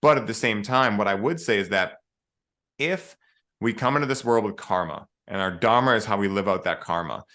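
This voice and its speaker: Male guest, lower register, bright and forceful, earnest and spiritual in casual conversation. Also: animated, moderate pace. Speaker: podcast guest.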